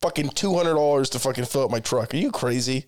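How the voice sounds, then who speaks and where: A man's voice: mid-range voice, quick pace. A man co-hosting a podcast in casual chat, swearing constantly and joking crudely. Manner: crude, profanity-heavy joking banter. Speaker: podcast co-host.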